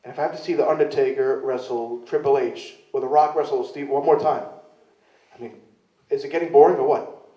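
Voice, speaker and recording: A man's voice: mid-range voice, fairly even intonation, brisk, mellow. A man telling rambling, self-mocking stories in a casual interview, often mimicking other people's voices as he quotes them. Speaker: interview guest, wrestler. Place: club venue in London. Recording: roomy, distant, dull sound.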